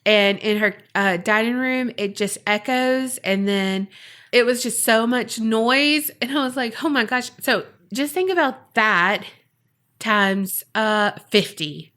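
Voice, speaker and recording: A woman's voice: a little high, slow, pushed and bright. A woman cohosting a podcast tells a paranormal story in a chatty, dramatic way, with lots of casual fillers. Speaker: podcast co-host.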